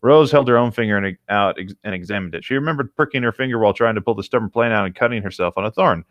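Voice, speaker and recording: Low-voiced man reading fanfic aloud. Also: very fast, dry recording, muffled recording. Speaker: podcast co-host reading aloud.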